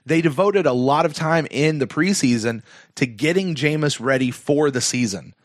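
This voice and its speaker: A man's voice: on the high side, lively intonation, moderate pace, no echo, clean studio sound. A man co-hosting a sports fan podcast, talking casually and reading listener emails, with lots of fillers and restarts. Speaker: podcast co-host.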